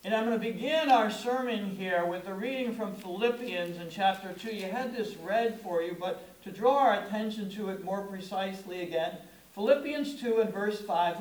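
Male pastor, high voice, conversational sermon delivery, echoey sanctuary. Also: normal speed. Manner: conversational preaching with shifting emphasis.

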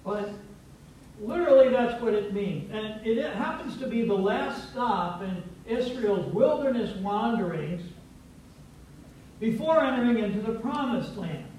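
A high-pitched male pastor delivers a playful, teacherly sermon, coaxing the congregation to say words back to him. He sounds far off from the mic. The church rings with a heavy echo, over a faint background hiss. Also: lively intonation, a little slow, a little mellow. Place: church sanctuary. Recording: very echoey church, distant from mic.

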